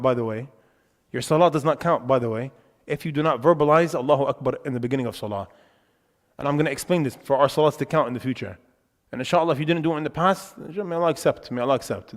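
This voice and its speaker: Fast-talking emphatic man teaching. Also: medium pitch. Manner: animated, emphatic; conversational, uses filler words. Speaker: religious teacher. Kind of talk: lecture on worship. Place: mosque hall. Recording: reverberant mosque hall.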